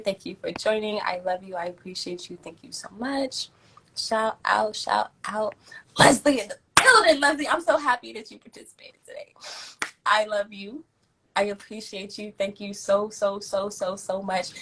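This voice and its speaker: A young woman hosts a live stream in a loose, chatty way, full of slang and heartfelt thanks to her viewers. Her pitch sits in an ordinary middle range, and she reads messages aloud with easy enthusiasm. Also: poor audio. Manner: warm, effusive, uses slang and swears, reads chat aloud. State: near tears at times. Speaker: host of a live community stream. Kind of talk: casual livestream chat.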